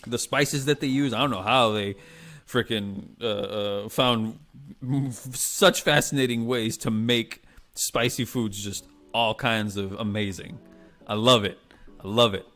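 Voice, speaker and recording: A man hosting a casual live stream, rambling in an animated way with lots of restarts and the odd swear word. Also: fairly low pitch, unhurried, soft background music. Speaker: livestream host.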